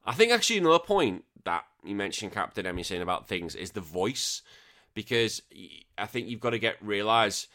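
A man's voice: fairly low pitch, very animated, fairly quick, pushed and bright. A young British man hosting a podcast, chatting casually and rambling through listener questions, swearing now and then. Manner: rambling, swears often, self-deprecating. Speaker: podcast host.

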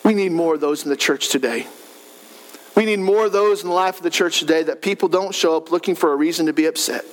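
A pastor preaching a sermon in a church, animated, his voice swelling to shouts for emphasis. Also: on the high side, quick pace. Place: church sanctuary.

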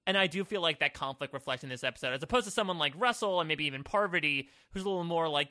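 Bright-voiced man analyzing a show. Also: a little high, lively intonation, quick pace, no room sound, clean studio sound. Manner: thoughtful, talkative, many likes and you knows. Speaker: podcast co-host. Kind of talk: casual chat analyzing a reality show.

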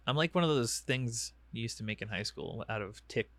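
A man's voice: medium pitch, lively intonation, a little fast, a bit bright. A man co-hosting a podcast in casual chat, sardonic and self-deprecating, swearing freely. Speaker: podcast co-host.

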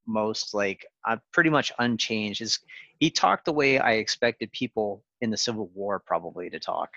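Bright-toned man chatting casually. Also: fairly low pitch, no echo, highs cut off. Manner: rambling, laid-back storyteller with many fillers. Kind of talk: casual chat.

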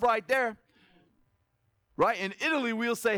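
A male pastor preaching a sermon, animated and conversational, jumping between loud exclamations and quiet asides and asking his congregation questions. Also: extremely high pitch, a little slow, pauses often, no echo, clean studio sound.

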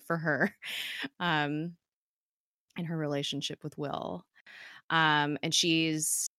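A woman's voice: low voice, bright, forceful tone, clear, resonant tone, no room sound, clean studio sound. A woman casually retelling a TV episode, chatty and full of "like" and "um", quoting the characters in her own voice. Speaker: episode recapper.

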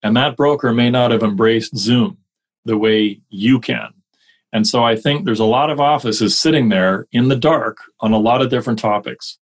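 A man coaching mortgage brokers in a casual podcast conversation, energetic and quick to rattle off lists of examples. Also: medium pitch.

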